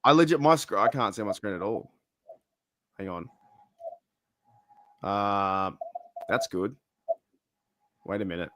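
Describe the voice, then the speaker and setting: A man's voice: lowish voice, slow, long pauses, fairly bright tone. A man hosting a casual podcast over a video call, laughing and swearing easily. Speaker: podcast host.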